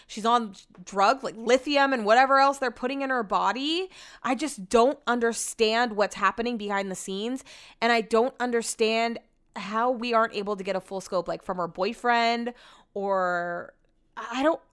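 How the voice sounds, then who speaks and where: A woman's voice: on the high side, a bit bright, smooth. A young adult woman hosting a podcast in casual chat, rambling and chatty, saying like a lot and swearing offhand.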